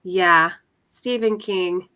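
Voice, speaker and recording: Speaking very slowly in a low-leaning voice that's smooth but pushed and bright, a young adult woman in a readathon chats casually with friends on a video call. Fillers and laughter run all through it.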